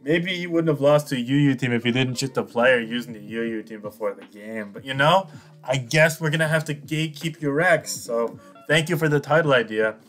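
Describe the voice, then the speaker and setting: A man's voice: mid-range voice, brisk, a bit bright, soft background music. A young man giving casual, cocky commentary on his online game, teasing his opponent and laughing often. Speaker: gaming YouTuber.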